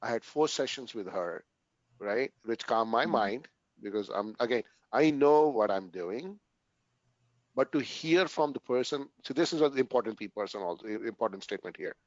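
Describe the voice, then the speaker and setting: Play a man with a middle-pitched voice, talking earnestly to an interviewer over a dull, muffled line, close and dry. Keep the phrases short, stop and restart now and then, and end points with "right?". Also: lively intonation, no echo. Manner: earnest, repeats "right?" often, pauses to restart sentences. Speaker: interview guest. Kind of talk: casual conversational interview.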